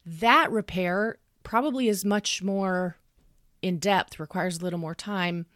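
A woman in her thirties talking in a podcast, explaining calmly and earnestly and acting out what she would say to her child. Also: lowish voice, measured pace, no echo, clean studio sound. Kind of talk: conversational podcast talk.

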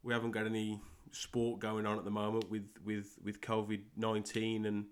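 A young man with a West Midlands English accent, hosting a solo soccer podcast and talking in a halting way with many fillers and repeated words. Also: fairly low pitch, monotone, smooth. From England. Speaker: podcast host and soccer coach.

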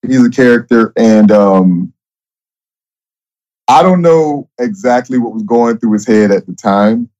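A man who is a guest on a podcast, speaking casually, often halting and repeating his words. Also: lowish voice, warm tone, lo-fi sound. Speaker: guest, former reality show contestant. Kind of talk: casual interview chat.

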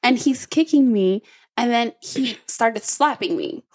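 A mother co-hosting a casual podcast chat, animated as she tells stories and asks questions. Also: on the high side, measured pace. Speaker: podcast co-host.

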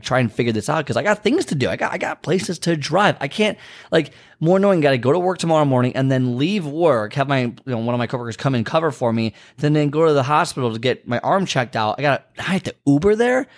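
Fast-talking man venting on his podcast. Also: medium pitch. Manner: rambling, venting, motivational. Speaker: podcast host. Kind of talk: casual solo podcast monologue.

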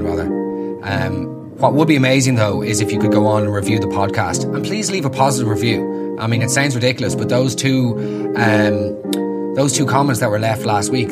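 An Irish man in his thirties hosting a comic podcast, telling sarcastic, ranting stories. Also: fairly low pitch. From Ireland. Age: 30s. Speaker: podcast host.

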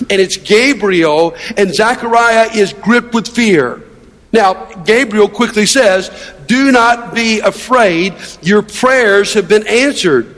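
A man's voice: high voice, a bit bright. A middle-aged male pastor preaching a sermon in a conversational, storytelling way, with rhetorical questions. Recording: long hall reverb.

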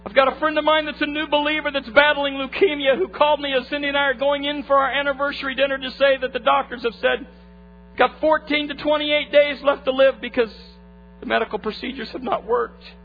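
A man preaching a sermon, retelling a family story and acting out its voices, moving from hushed tones to fervent appeals. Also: very high-pitched, little pitch movement, quick pace, hardly any pauses. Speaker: pastor. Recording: muffled lo-fi recording with faint hum.

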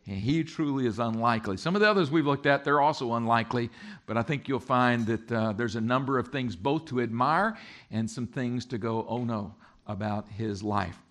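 A man as pastor giving a sermon, talking lively and joking with his congregation. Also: medium pitch, brisk.

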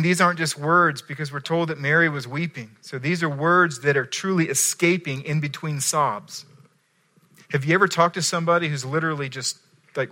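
Bright-voiced male preacher, conversational. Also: a little high. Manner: conversational, often checking in with listeners. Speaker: pastor. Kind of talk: sermon.

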